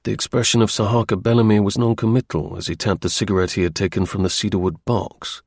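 Here a man reads an audiobook novel in a calm, measured narrative style, following a script. His voice leans low, and the studio recording is dry.

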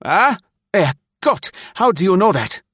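A man's voice: a little high, sing-song, unhurried, pushed and bright, no echo, clean studio sound, pitched above the performer's own voice, heavily acted. A man voicing a fat, greedy spy with an oily, snarling manner. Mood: startled. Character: fat, greedy, menacing male German spy. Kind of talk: audiobook character voice.

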